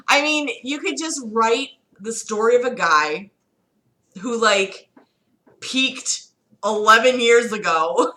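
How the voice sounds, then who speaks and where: A woman's voice: lowish voice, sharp tone, poor audio. A young woman streamer chatting casually and reading aloud, giggly and rambling.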